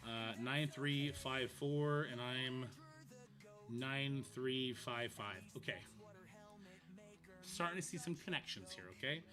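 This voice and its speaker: Goofy, bright-voiced streamer dad. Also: male voice, medium pitch, takes it slowly, long pauses, soft background music. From Canada. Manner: goofy and rambling, laughs easily. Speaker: mobile game streamer. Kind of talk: casual livestream chat.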